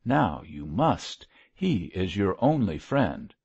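A man's voice: sits low, very animated, slow, a little mellow, breathy edge, heavily acted. A man voicing a fervent lay preacher who pleads and lectures in a grave, preachy manner. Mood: earnest. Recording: muffled lo-fi recording.

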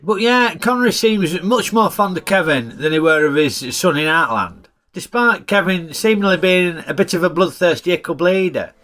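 A man's voice: high voice, expressive, normal speed, hardly any pauses, fairly bright tone. A man reviewing a film in a chatty, jokey way, using broad dialect. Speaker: film reviewer, channel host.

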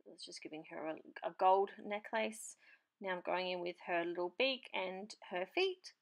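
A woman's voice: on the low side, animated, vocal fry. A woman hosting a papercraft channel, chatting casually as she explains her marker colouring in a tutorial voice-over. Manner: chatty, unhurried, talks while working.

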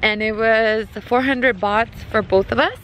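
A young woman vlogging outdoors in a slightly high, chatty voice, giggling as she talks to her viewers. Busy street noise runs clearly under her handheld camera audio. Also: unhurried, fairly bright tone. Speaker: travel vlogger. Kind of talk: casual travel vlog chat. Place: outdoors at a beach and town streets. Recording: noisy outdoor street sound.

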